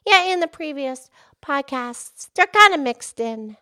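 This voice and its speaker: A woman's voice: animated, measured pace, pushed and bright, full character voice. A woman voicing a cheerful cartoonish pig who hosts a children's podcast, bubbly and enthusiastic. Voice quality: very high squeaky put-on voice. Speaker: host. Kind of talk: kids' podcast character play.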